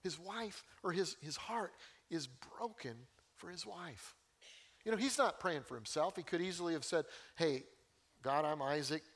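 A man's voice: on the high side, lively intonation, normal speed, fairly bright tone, breathy edge. An older man, a pastor, preaching a sermon in a folksy, humorous and passionate way.

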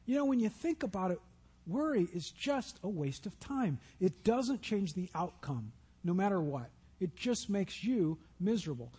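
Husky high-voiced preacher, man. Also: darkish tone. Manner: storytelling preacher acting out Bible scenes in voices. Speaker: pastor. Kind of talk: sermon.

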